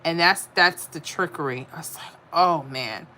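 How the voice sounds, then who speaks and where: Woman host, chatty, bright tone, answers chat on her live stream. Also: low-pitched, moderate pace, a little hiss or hum. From Florida. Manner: chatty, reads viewer comments aloud and answers them. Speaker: livestream host reading chat. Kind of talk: casual livestream chat.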